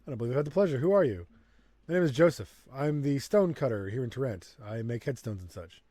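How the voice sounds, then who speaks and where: A man's voice: mid-range voice, lively intonation, quick pace, warm tone, no room sound, lightly acted. A man voicing a curt, wary dwarf stonecutter in a game.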